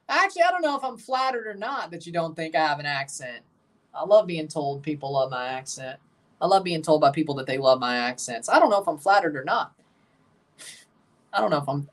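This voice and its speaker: This livestream host, who has a Southern US accent, chats through a live soccer match, answering viewers and marking the minutes aloud. He is fairly high-pitched and a bit bright, with lively intonation and a slightly fast pace, recorded from far off.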